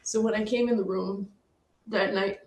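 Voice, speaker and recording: A woman's voice: mid-range voice, steady tone, normal speed, darkish tone. A middle-aged woman sharing a painful personal story, emotional and apologetic, fighting back tears. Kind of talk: personal testimony talk. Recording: echoey room.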